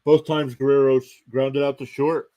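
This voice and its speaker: A man's voice: medium pitch, level tone, normal speed, lo-fi sound. A young man hosting a live stream, calling baseball play-by-play, reading out scores and thanking viewers. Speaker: live stream sports commentator. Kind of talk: live play-by-play reaction commentary.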